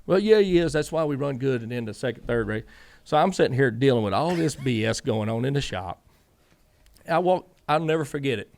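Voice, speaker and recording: A man's voice: medium pitch, fairly quick, creaky. A man, a former crew chief and podcast guest, telling long stories in a casual interview and acting out what each person said. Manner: animated storyteller, acts out quoted dialogue.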